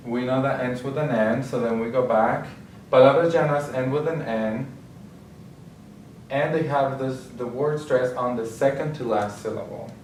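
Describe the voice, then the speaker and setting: A man's voice: medium pitch, darkish tone, far from the mic, a little hiss or hum. A man explaining a language lesson in a plain, patient teaching style, often restarting his phrases. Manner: explanatory, repeats himself with small restarts. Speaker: Spanish teacher. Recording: echoey room, voice from off mic.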